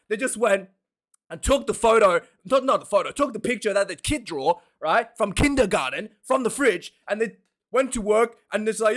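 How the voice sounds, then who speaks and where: A man hosting a casual rugby predictions vlog, talking in an animated, jokey, ranting way with loud outbursts. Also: sits high, fairly quick. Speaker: rugby vlogger.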